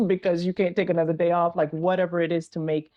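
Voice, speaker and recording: A woman's voice: on the low side, little pitch movement, fast talker, warm tone, muffled recording. A middle-aged woman answering interview questions earnestly as an entrepreneur and single mother, often repeating a refrain and using analogies.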